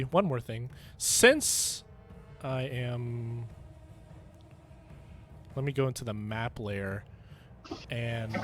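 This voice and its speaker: A man's voice: mid-range voice, a bit bright. A young man narrating as game master in an online tabletop game, rambling and correcting himself as he goes.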